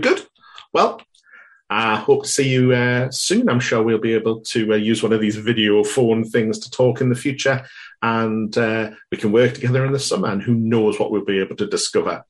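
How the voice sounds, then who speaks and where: A man's voice: medium pitch, lightly acted. A man playing a fussy Cambridge professor on a phone call, rambling and hesitant with a pompous edge.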